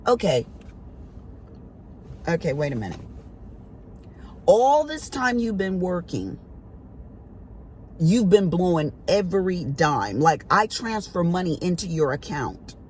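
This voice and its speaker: A woman's voice: on the low side, very animated, takes it slowly, long pauses, darkish tone, slight background noise. Chatty middle-aged woman telling a story. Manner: chatty, emphatic, colloquial, acts out family quotes. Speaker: vlogger. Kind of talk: casual storytelling to viewers.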